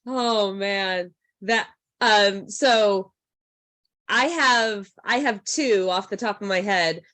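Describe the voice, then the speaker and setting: A woman's voice: mid-range voice, slow, a bit bright. A woman hosting a podcast, talking with a guest over a video call in a casual, enthusiastic way and reacting eagerly. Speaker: podcast host. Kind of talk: casual interview chat.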